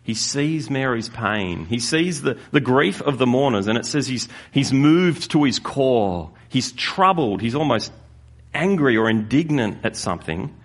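A man's voice: mid-range voice, expressive. Earnest male pastor preaching a sermon. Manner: earnest, with slow emphatic stresses.

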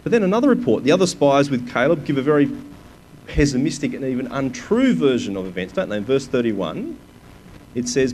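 Lively man preaching a sermon. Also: medium pitch, a little fast, slight background noise, low-quality recording. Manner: asks the listeners rhetorical questions; reads scripture aloud with emphasis.

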